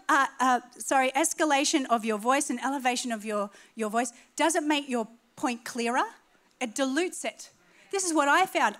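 A middle-aged woman with an Australian accent preaching a sermon, emphatic and animated, climbing in intensity on key points. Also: high voice. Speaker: pastor.

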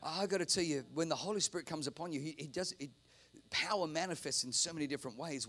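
A man preaching a sermon in a fervent, repetitive style that builds into exhortation. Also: fairly high pitch. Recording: loud guitar music behind.

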